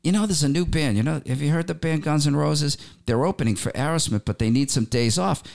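A man putting on the voice of an excited male band manager as he retells how the manager offered his band a show. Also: a little high, a little fast, vocal fry, pitched above the performer's own voice.

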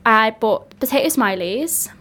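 A young woman co-hosting a podcast, telling a funny story in a giggly, animated way and swearing freely. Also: on the high side, measured pace. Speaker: podcast co-host. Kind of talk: casual chat, comic storytelling.

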